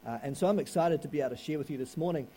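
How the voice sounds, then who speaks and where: A man's voice: on the high side, mellow, slight background noise. A male pastor starting his sermon, stumbling over restarts and fillers. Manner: halting, many restarts and fillers. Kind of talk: sermon opening.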